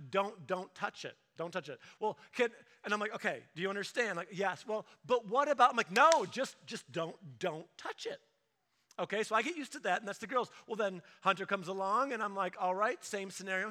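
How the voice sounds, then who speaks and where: A man preaching a sermon in a lively, conversational way, acting out stories from family life. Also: sits high. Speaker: pastor. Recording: echoey hall reverb.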